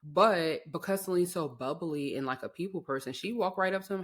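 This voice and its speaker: Woman in her 30s co-hosting a podcast, chatty, slangy, tells stories all animated. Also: fairly low pitch, brisk. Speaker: podcast co-host. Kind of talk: casual chat.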